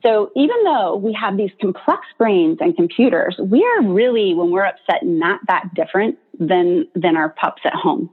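A woman's voice: mid-range voice, sing-song, moderate pace, hardly any pauses, slightly rough. A woman therapist explaining stress responses in a casual, chatty teaching talk, often adding "like" and "right?". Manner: chatty, lots of "like" and "right?" tag questions. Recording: tinny phone-like sound.

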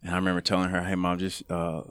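A man on a podcast telling a personal story in an earnest, casual way, growing animated when he acts out what people said. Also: deep voice, very fast, clean tone, dry recording, clean studio sound. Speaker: podcast guest.

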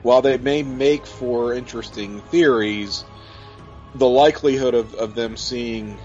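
A man co-hosts a casual podcast chat, making self-deprecating jokes and thinking aloud with frequent restarts. His mid-range voice moves at a measured pace, and the lo-fi audio sounds slightly dull, with faint music underneath.

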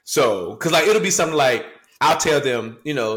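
A man co-hosting a casual podcast, telling family stories with lively ups and downs. He acts out his children and himself, often breaking into laughter. His voice sits at a middle pitch. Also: moderate pace. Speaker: podcast co-host. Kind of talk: casual chat.

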